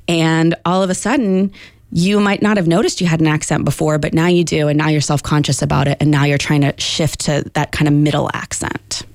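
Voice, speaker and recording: Low-voiced woman linguistics professor explaining. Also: a little mellow, no room sound, clean studio sound. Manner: explanatory, measured, with frequent ums. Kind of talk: radio interview answers.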